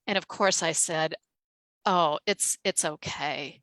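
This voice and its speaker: A woman's voice: deep voice, takes it slowly, a bit bright, dry recording, low-quality recording. A woman guest telling a story in casual chat, full of fillers and acted-out quotes. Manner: chatty, many fillers, acts out quotes.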